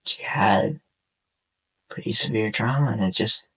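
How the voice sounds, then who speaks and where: A young man hosting a casual podcast, speaking in a subdued, halting way with a sore throat, as if on the verge of tears. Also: fairly low pitch, a bit bright, breathy edge, rough recording. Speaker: podcast host. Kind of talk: casual personal monologue over gameplay.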